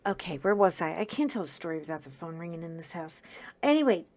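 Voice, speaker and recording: A woman telling a story at home while she crafts, casual and wry. She swings from low asides to sudden loud, animated bursts. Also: fast. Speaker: craft video host.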